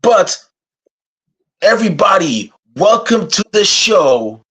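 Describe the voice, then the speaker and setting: Guy hosting a podcast, hype-man energy, kinda high voice, chatty. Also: slow pace, breathy edge. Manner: rhyming hype-man intro, animated storyteller. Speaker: podcast host. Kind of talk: hyped podcast intro, then casual chat.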